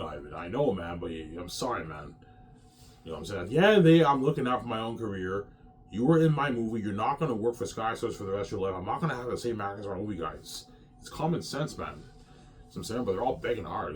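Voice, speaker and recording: Brash low-voiced man hosting a monologue. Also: slight background noise. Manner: brash, repetitive, ends phrases with "man". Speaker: show host. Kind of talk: casual boastful monologue.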